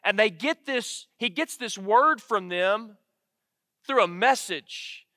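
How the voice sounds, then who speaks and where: Bright, high-voiced preacher. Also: male voice, animated, slow, no room sound, studio quality, long reverb tail. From Alabama, United States. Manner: earnest preaching, repeats key lines for emphasis. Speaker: pastor. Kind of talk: sermon.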